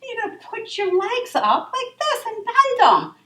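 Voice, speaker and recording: A woman leading a children's yoga class in a library room, gentle and encouraging. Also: very high voice, huge pitch swings, a little slow. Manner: encouraging, gentle and sing-song. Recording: echoey room, voice from far off.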